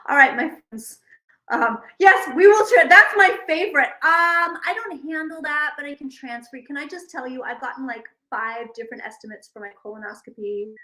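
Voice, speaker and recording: A woman's voice: high voice, lively intonation, moderate pace, sharp tone, rough recording. A woman psychic vlogger chatting casually and rambling to her viewers, swearing freely.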